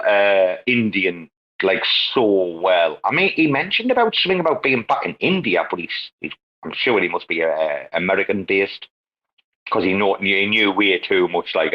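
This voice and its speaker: A man's voice: sits low, lo-fi sound. A man hosting a casual online voice chat, rambling and swearing freely, laughing often. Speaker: podcast host. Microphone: online audio chat.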